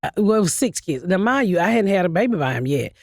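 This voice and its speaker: A woman's voice: fairly low pitch, very animated, quick pace, a little mellow, dry recording, clean studio sound. A woman comedian in her fifties, a blunt and profane storyteller who laughs through her stories as a guest. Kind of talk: casual interview storytelling.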